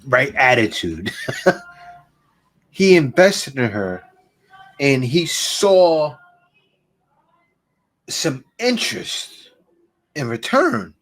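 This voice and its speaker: A man's voice: mid-range voice, very animated, drawn-out words, long pauses, a bit bright. A man hosting a reaction video, giving blunt, joking commentary and laughing often. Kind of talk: casual commentary.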